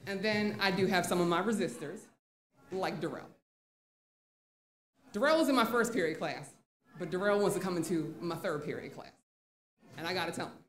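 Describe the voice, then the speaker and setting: A woman's voice: fairly low pitch, moderate pace, pauses often. A woman teacher telling a candid, conversational story on stage at a live event. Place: live event in a museum venue. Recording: echoey live venue.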